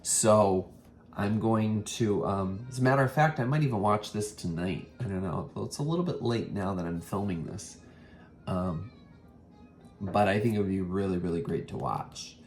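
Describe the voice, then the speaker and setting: Rambling low-voiced man chatting. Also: moderate pace, darkish tone, faint music behind. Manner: rambling, with many ums and self-corrections. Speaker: vintage reseller and vlog host. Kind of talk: casual thrift haul chat.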